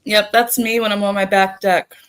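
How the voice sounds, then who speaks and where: A woman's voice: mid-range voice, flat delivery, normal speed. A woman hosting a livestream, greeting viewers by name in a casual, laughing, swearing chat. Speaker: livestream host.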